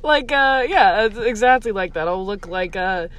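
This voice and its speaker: A woman's voice: medium pitch, expressive, moderate pace, a bit bright. A young woman, a comedian, chatting casually on a podcast, rambling with lots of "like" and frequent laughs. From Columbus, Ohio area. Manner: giggly, rambling, heavy use of "like". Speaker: guest comedian.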